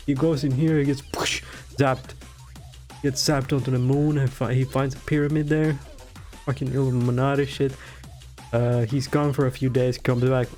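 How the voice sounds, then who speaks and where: A man's voice: medium pitch, level tone, moderate pace, darkish tone, faint music behind. Profane, giggly man rambling on. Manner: irreverent, profane, giggly asides. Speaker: video creator. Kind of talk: rambling comedic lore rant.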